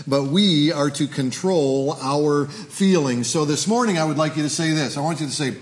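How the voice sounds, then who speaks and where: A man's voice: fairly high pitch, normal speed. Man preaching with call-and-response. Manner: repetitive, call-and-response, frequent "uh" fillers. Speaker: pastor. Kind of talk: sermon.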